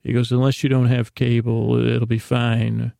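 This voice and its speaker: A man with a heavily gravelly voice drifts through a casual recap for a sleep podcast, stopping and restarting as he goes. His tone stays flat and unhurried, with little rise and fall. The recording is close and dry. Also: medium pitch, no room sound. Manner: meandering, casual, many fillers and restarts. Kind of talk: rambling bedtime recap.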